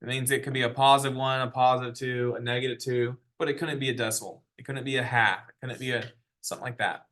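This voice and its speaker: Bright-voiced man teaching math. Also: medium pitch, fairly even intonation, fast talker. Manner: explaining step by step, asking the class questions. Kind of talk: classroom lecture. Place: classroom.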